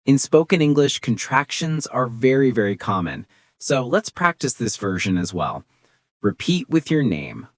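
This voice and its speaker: Speaking slowly and clearly through example phrases, this English teacher delivers a scripted lesson for beginners in an upbeat, encouraging way. Her pitch swings widely up and down. The audio is close-miked and dry, without any echo.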